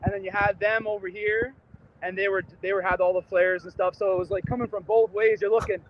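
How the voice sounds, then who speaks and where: A man calling in from outside a stadium, hoarse from shouting, talking in an excited, rambling and slightly tipsy way. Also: high-pitched, a little fast. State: hoarse, lost his voice. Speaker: fan calling in as a guest. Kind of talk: casual chat. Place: outdoors at a stadium. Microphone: phone call. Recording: noisy lo-fi phone line from outside.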